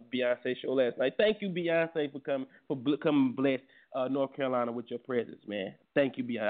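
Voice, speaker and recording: A man hosting a casual morning talk show, loud and teasing, joking and swearing freely. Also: medium pitch, narrow, tinny audio. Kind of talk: casual call-in chat.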